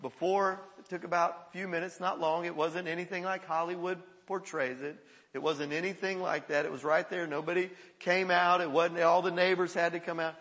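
Bright-voiced male pastor preaching. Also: sits high, brisk. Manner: animated storytelling with frequent chuckles. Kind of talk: sermon. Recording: echoey hall.

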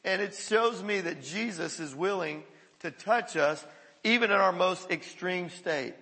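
A male pastor telling stories in a sermon, animated and often chuckling. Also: high voice, a little slow. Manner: animated storytelling with frequent chuckles. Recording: echoey hall.

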